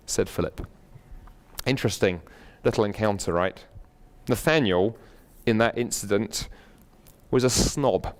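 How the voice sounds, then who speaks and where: A British man giving a university lecture in a packed hall, earnest and animated, with frequent fillers and restarts. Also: fairly low pitch, measured pace, long pauses. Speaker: guest lecturer.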